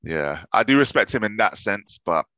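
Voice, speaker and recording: Very deep-voiced man, hesitant. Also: lively intonation, normal speed, bright, forceful tone, no room sound. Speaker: podcast co-host. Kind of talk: casual chat.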